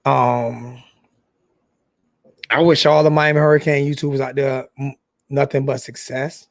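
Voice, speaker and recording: Emotional and apologetic, this young man, a sports fan YouTuber, halts through a vlog monologue with many restarts and repeated phrases. His mid-range voice barely moves in pitch, and there's no room sound.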